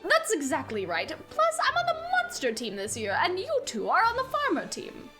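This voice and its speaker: Theatrical young French hunter with a big put-on accent, read by a woman, high and lively. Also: normal speed, music in the background, exaggerated voice.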